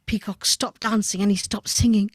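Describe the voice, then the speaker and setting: A woman telling a children's story in a dramatic, expressive way, with gasps and asides to her listeners. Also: fairly high pitch, a little slow, noisy background.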